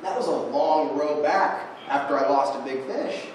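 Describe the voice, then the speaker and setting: The guest preacher is a young man with a fairly high voice and moderate pace, sharing a fishing tale that pokes fun at himself during a church sermon. The recording is far off, noisy, and echoey, made in the sanctuary.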